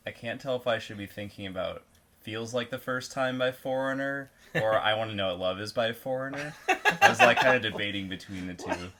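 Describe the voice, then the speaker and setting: Band member, male, dry joker, lowish bright voice. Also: a little fast, slight background noise. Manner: deadpan quips. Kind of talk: casual chat.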